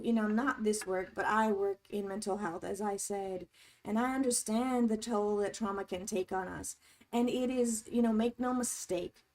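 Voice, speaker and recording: A woman hosting a casual livestream chat, reading viewers' comments aloud and speaking to them in a supportive, encouraging way. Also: mid-range voice. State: tearing up. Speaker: livestream host.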